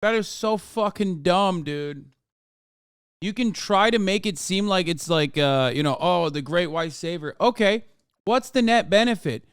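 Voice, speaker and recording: Male streamer in his thirties, fairly high voice, smooth and dry; heated, profane reaction rant. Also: animated, unhurried, no echo.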